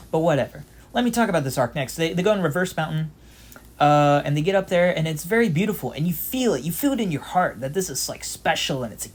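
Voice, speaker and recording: A man's voice: a little high, a little fast. Rambling young man chatting over gameplay. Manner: rambling, filler-heavy storytelling with frequent "um" and "like"; loose, swears casually. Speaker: gameplay channel host. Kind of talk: casual gameplay commentary.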